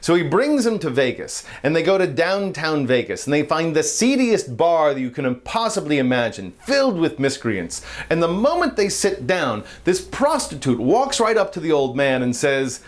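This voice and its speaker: A man hosting his vlog, telling a personal story and a joke in an animated, expressive way. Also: fairly high pitch, normal speed, hardly any pauses. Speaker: vlog host.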